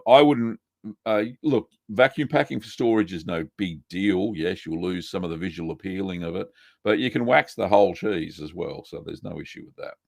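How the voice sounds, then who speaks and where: Gravelly low-voiced man. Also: no room sound, studio quality. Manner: relaxed and chatty, reads viewer messages aloud with many ums. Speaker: cheesemaking show host answering live chat. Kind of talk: casual live-stream Q&A.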